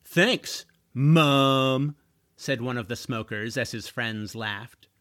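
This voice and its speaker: A man narrating a chapter of a children's fantasy audiobook in a slow, expressive storytelling manner. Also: on the low side, no room sound, studio quality.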